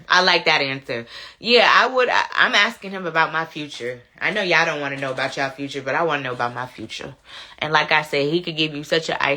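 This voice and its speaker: Bright-voiced chatty woman host. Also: low voice. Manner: chatty, laughs often, talks back to commenters. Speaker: livestream host reading viewer comments. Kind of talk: casual chat.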